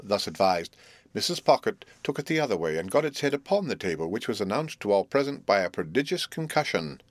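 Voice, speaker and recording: A man reading a classic novel aloud as a narrator, with measured, expressive storytelling. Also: on the low side, no room sound. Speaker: audiobook narrator.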